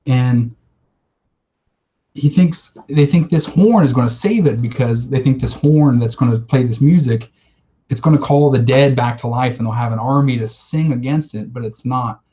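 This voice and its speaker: Excited man retelling a story, lo-fi. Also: medium pitch, normal speed. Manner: enthusiastic, emotional storytelling with swearing. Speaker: podcast co-host. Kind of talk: casual chat.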